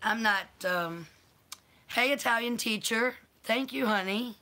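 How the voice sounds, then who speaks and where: Woman, unhurried, bright voice, affectionate live-stream host. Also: on the high side. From North Carolina. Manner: affectionate, calls viewers honey and baby. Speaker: channel host. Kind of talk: live-stream chat, greeting viewers.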